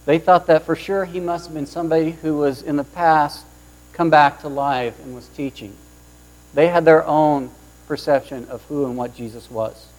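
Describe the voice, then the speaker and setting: A man's voice: on the high side, moderate pace, low-quality recording. Storytelling male preacher, hum behind. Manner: storytelling, lively quoted voices. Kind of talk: sermon with personal story. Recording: mains hum underneath.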